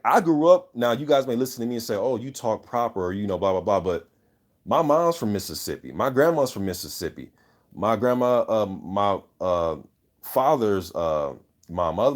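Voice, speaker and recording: A man hosting a casual boxing talk show, reading viewer comments and giving loose, opinionated takes full of swearing and "you know what I'm saying". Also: fairly low pitch. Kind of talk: casual unscripted chat.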